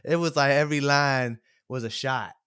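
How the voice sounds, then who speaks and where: A young adult man co-hosting a podcast, chatting excitedly and laughing as he talks. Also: medium pitch, normal speed, clean tone. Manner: excited, quotes lines, laughs often. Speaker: podcast co-host. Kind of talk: casual chat.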